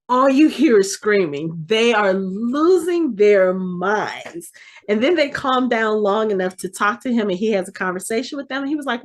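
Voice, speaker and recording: A middle-aged woman, co-hosting a podcast and telling a long casual story in a chatty, animated way, often restarting and correcting herself. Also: medium pitch. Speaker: podcast co-host.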